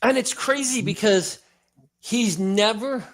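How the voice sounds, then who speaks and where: A slightly hoarse man co-hosting a movie podcast, rambling and joking in casual chat. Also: sits high, takes it slowly, fairly bright tone. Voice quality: rambling, joking, laughs often. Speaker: podcast co-host.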